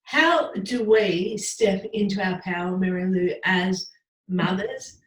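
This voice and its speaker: A woman's voice: mid-range voice, slow, slight background noise. A woman in her forties hosting an interview, asking long, admiring, rambling questions. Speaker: host. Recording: roomy echo.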